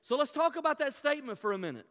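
A man's voice: very high-pitched, very animated, rapid-fire, fairly bright tone. A middle-aged man preaching a sermon in a church, telling a story and asking the congregation questions, often repeating his words. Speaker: pastor. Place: church hall. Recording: long hall reverb.

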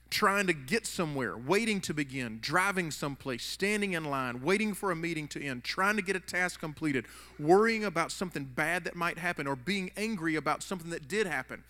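A man's voice: fairly high pitch, animated, normal speed, bright, forceful tone. A man preaching a sermon in a casual, rambling way, restarting sentences as he tells a story in a church. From United States. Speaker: pastor. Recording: long hall reverb.

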